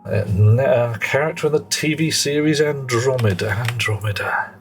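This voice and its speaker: A man's voice: mid-range voice, normal speed, soft background music. A middle-aged man chatting and rambling in casual commentary while he plays a game on a live stream. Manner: rambling, chatty, muttering to himself while playing.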